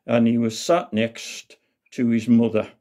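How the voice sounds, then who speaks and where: A man's voice: medium pitch, little pitch movement, unhurried, dark tone. A man with a Black Country accent telling a comic tale in a folksy, dialect-rich way. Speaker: storyteller. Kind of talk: comic storytelling.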